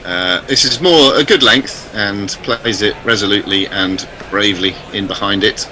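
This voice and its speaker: A man giving chatty, measured ball-by-ball cricket commentary. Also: lowish voice, sharp tone, slight background noise, rough recording. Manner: measured, chatty, self-deprecating.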